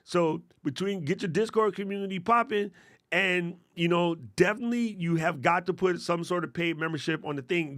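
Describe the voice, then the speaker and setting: Energetic slangy man hosting a livestream. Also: fairly high pitch, no room sound, clean studio sound. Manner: energetic, slangy, addresses chat as fam and family. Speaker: host answering creator questions. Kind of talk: casual livestream advice.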